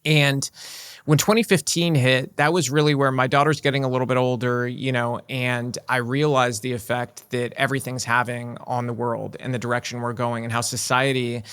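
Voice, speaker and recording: A man's voice: medium pitch, little pitch movement, normal speed, a bit bright, clear, resonant tone. Earnest man, middle-aged interview guest. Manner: earnest, with frequent "right?" and "you know" asides. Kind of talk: casual interview talk.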